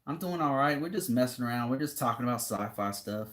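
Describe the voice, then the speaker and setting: A man's voice: mid-range voice, lively intonation, fast, noisy background. A young man streaming live, reading viewer comments aloud and chatting casually in a laid-back, rambling way with frequent laughs.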